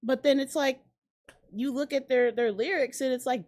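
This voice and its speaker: A woman hosting a casual reaction commentary, sarcastic and profane, tossing out quick asides. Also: high voice, darkish tone. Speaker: commentary host.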